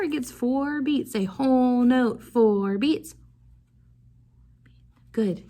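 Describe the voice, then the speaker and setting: Young woman teacher talking kids thru a lesson real slow, bit of vocal fry. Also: a little high, mellow. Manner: slow, encouraging, call-and-response prompting. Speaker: music teacher. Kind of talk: classroom video lesson for young children.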